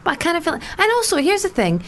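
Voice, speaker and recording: Quick-talking female guest, chatty and laughs easily, faint noise behind. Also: extremely high pitch, huge pitch swings, fairly bright tone. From South Africa. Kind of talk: casual political chat.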